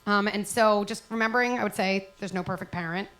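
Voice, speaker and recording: A woman's voice: medium pitch, steady tone, fairly quick, a bit bright, poor audio. A middle-aged woman, a parenting expert, speaking earnestly at a live event and acting out little parent-child exchanges. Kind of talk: live event talk before an audience.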